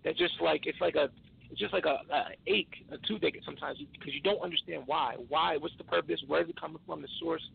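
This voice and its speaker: A tired man, a podcast guest, telling an emotional personal story in an earnest, halting way with many restarts. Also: a little high, fairly even intonation, gravelly, slightly rough. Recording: tinny phone line.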